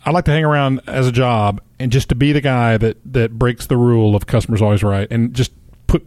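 A man's voice: medium pitch, steady tone, brisk, a little mellow, dry recording. A man co-hosting a radio show, trading wry, grumbling, sarcastic remarks with his partner. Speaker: radio co-host. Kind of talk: joking radio banter.

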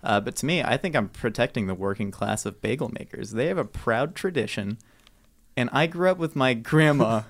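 A man's voice: mid-range voice, animated, normal speed. A man arguing his side on a casual podcast, rambling and jokey with mock-earnest asides. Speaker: podcast co-host debater.

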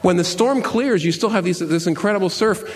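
A man preaching a sermon, conversational and emphatic, with pitch that swings up and down as he stresses his points. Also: fairly quick. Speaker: pastor.

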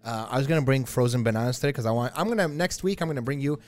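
A man co-hosting a relaxed podcast, pressing his ideas with eager, insistent enthusiasm. His voice is an ordinary middle pitch. A soft music bed runs quietly beneath the conversation. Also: racing. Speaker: podcast co-host. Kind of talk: casual podcast banter.

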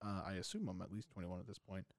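A man co-hosting a podcast, telling a story with teasing humor and halting fillers. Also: sits low, no room sound, clean studio sound. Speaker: podcast co-host. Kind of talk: casual storytelling.

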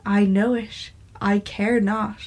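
A woman voicing an impassioned young gentleman in love, speaking in a lofty, defiant way. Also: fairly high pitch, unhurried, creaky, slightly rough, full character voice.

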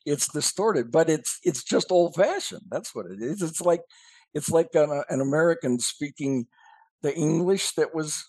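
A man co-hosting a podcast, explaining things slowly in casual, musing chat. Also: a little high, animated, darkish tone, breathy edge, no room sound, poor audio. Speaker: podcast co-host.

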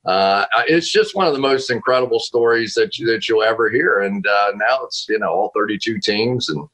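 Bright-voiced man telling a story. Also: on the low side, normal speed, low-quality recording. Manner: animated, laughs often, frequent restarts. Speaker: guest, football analyst. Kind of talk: casual storytelling interview. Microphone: video call.

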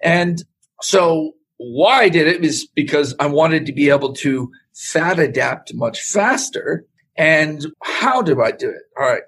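A man talking as a podcast guest, telling stories in a lively way and acting out what people said. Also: on the high side, slightly rough. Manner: animated storyteller, acts out quotes. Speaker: podcast guest, supplement scientist. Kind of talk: casual interview chat.

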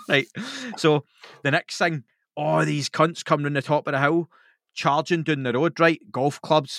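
A man's voice: medium pitch, no echo, clean studio sound. Sweary Glaswegian man telling stories. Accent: Scottish, Glaswegian. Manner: sweary, animated, laughs through his stories. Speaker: podcast guest. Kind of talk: casual storytelling chat.

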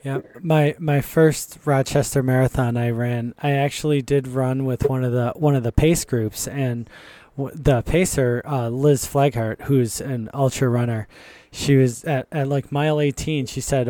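Male co-host, warm mellow tone, dry close mic, chatty storyteller. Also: medium pitch, steady tone, a little slow, dry recording. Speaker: podcast co-host, runner. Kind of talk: casual conversation.

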